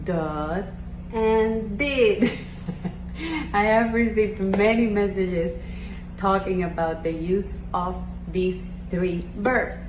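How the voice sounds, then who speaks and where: A woman whose first language is Spanish, teaching English with clear, deliberate examples. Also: mid-range voice. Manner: slow, clear teaching delivery with demonstration examples. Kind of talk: bilingual language lesson. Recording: echoey room with noticeable background noise.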